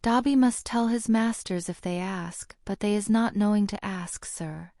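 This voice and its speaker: A woman's voice: mid-range voice, unhurried, warm tone, no echo, clean studio sound, lightly acted. A woman voicing a timid, servile male house elf who speaks of himself in the third person, read as an audiobook character. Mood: anxious pleading.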